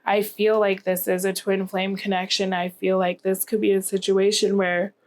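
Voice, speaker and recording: A woman's voice: mid-range voice, level tone, normal speed, darkish tone. A tired, yawning woman giving a rambling tarot reading to camera, often asking "okay?". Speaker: tarot reader.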